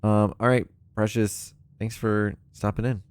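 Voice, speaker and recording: A man with a fairly low voice chats casually on a live stream while playing a puzzle game. He rambles, fills pauses with ums and laughs often. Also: level tone, darkish tone, clean tone, no room sound.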